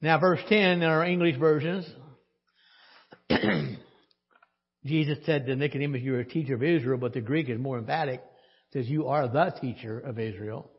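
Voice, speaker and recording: A man's voice: a little high, normal speed, pauses often, breathy edge, dull audio. A man preaching a teaching sermon, posing questions to the congregation and answering them himself. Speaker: pastor.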